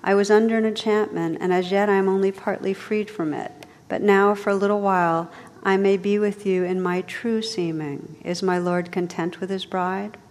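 A woman reading the part of a gentle, wise enchanted noble lady in a soft, earnest way, with long hall reverb. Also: mid-range voice, fairly even intonation, normal speed, natural voice. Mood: tender.

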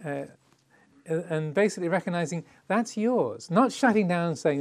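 A man's voice: fairly high pitch, moderate pace. Meditation teacher, middle-aged Englishman, easygoing Dharma talk, playful, voices the quotes. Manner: conversational, playful, laughs often; acts out little quoted voices.

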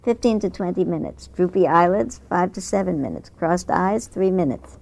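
Gravelly, low-voiced woman meditation teacher. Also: expressive, darkish tone. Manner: conversational and unhurried, with small restarts. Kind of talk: dharma talk, reading a news article aloud.

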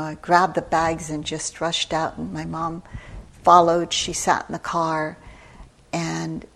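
An older woman gives a dharma talk in an unhurried, reflective way. Her voice sits a little low, and she speaks very slowly, with soft pauses between her thoughts. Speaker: meditation teacher. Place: retreat center hall.

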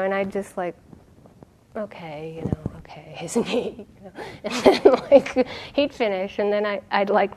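A middle-aged woman meditation teacher giving a dharma talk, telling stories in an animated way and laughing often. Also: fairly high pitch. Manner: animated storytelling, laughing often, acting out quotes.

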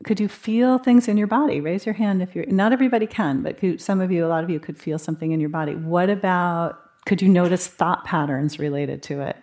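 A woman's voice: fairly low pitch, fairly quick, hardly any pauses, darkish tone. A woman guiding a live meditation retreat group in a conversational manner, acting out inner thoughts as little quoted asides. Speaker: meditation teacher.

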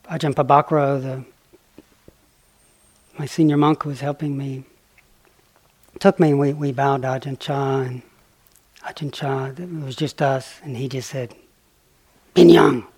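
A male meditation teacher tells a story during a dharma talk. His voice is husky and breathy, and he speaks slowly and softly, often dropping very quiet. Chuckles run through his storytelling. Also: mid-range voice, level tone, no room sound. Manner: soft-spoken, often quiet, chuckling while telling stories.

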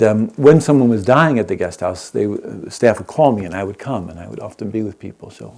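A man who teaches meditation, telling a story to an audience in a gentle, unhurried way and often checking in with his listeners. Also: on the low side, creaky, breathy edge. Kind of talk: storytelling talk to a live audience.

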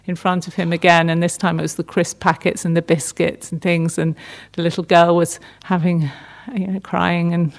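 A middle-aged woman giving a gentle, unhurried meditation talk, often restarting her phrases. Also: on the low side, little pitch movement, vocal fry. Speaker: meditation teacher. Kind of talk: dharma talk.

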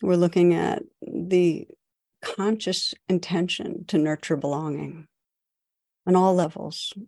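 Low-voiced woman giving a gentle dharma talk. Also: creaky, no room sound, clean studio sound. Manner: gentle, unhurried storytelling. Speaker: meditation teacher.

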